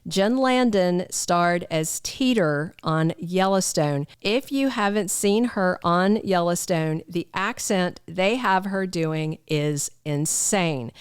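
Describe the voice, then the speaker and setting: A woman's voice: lowish voice, clean tone, no echo, clean studio sound. A middle-aged woman hosting a soap opera news show, chatting casually and gossipy, talking straight to her viewers. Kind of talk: casual spoken news chat.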